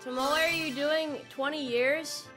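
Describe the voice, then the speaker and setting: A woman's voice: high voice, steady tone, a little slow, fairly bright tone. A young adult woman streamer chatting casually with her viewers in a playful, jokey way, with melodramatic outbursts. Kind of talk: casual livestream chat. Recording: faint music behind.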